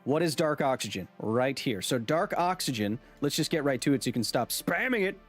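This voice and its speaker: A man's voice: medium pitch, big pitch swings, faint music behind. A man hosting a science livestream, chatting casually and joking with his viewers. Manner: jokey, talks to chat, quick asides.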